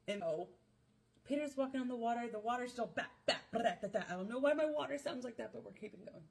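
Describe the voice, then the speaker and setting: A young woman podcast host retelling a Bible story casually, playful and full of slang and quick joking asides. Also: fairly high pitch, lively intonation, vocal fry, a little mellow.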